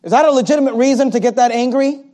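A male pastor preaching a sermon, swinging from loud, punchy lines to quiet asides and mimicking his listeners' excuses. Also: extremely high pitch, fast talker.

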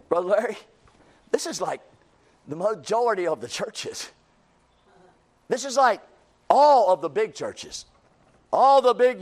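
A man preaching a sermon in a folksy, emphatic way, repeating phrases and quoting imagined critics. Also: sits high.

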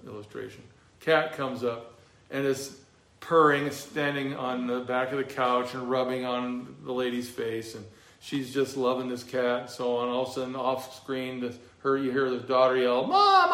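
A man's voice: mid-range voice, bright, forceful tone. Conversational man preaching in an echoey room. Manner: conversational preaching with rhetorical questions. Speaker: pastor. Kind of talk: expository sermon.

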